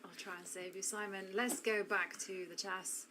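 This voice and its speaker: A woman commentating live on a chess tournament, describing the games in a measured way with frequent hesitations. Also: medium pitch, fairly even intonation, sharp tone, slight background noise, poor audio. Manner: measured, hesitant with many fillers.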